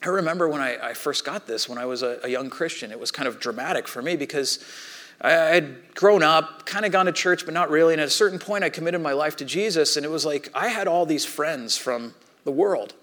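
Middle-aged pastor, sermon delivery, casual storyteller who acts out dialogue, slightly raised male pitch. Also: a little fast, a bit bright.

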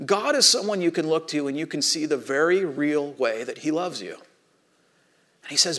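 A man in his thirties preaching a sermon, telling a family story with animated, acted-out voices. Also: fairly high pitch. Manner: animated storytelling, acts out his own panic and shouting. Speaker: pastor.

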